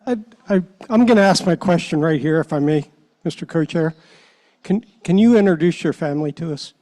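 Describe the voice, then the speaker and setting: A man addressing a public meeting as a panel member, earnest and a little halting, emotional as he speaks. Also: on the high side, dark tone. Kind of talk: heartfelt speech at a meeting. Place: meeting room.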